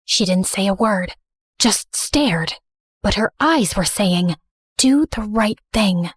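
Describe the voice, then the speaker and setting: A woman's voice: mid-range voice, animated, slow pace, breathy edge, no echo, studio quality. Young woman narrating a dramatic story. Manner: earnest, emotional storytelling. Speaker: first-person narrator.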